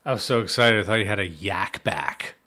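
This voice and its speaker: A man's voice: fairly low pitch, fairly quick, pushed and bright. A man co-hosting a podcast in casual chat, rambling, swearing and laughing often. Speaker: podcast co-host.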